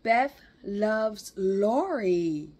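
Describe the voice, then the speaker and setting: A woman's voice: medium pitch, lively intonation, extremely slow, darkish tone, heavily acted. A woman reading aloud the lines of a restless, spirited young woman in a storybook reading. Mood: earnest.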